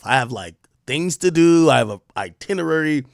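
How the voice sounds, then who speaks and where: A man hosting a live stream, telling a story in animated casual talk with swearing and laughter. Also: a little high, a little fast, vocal fry, no room sound, clean studio sound.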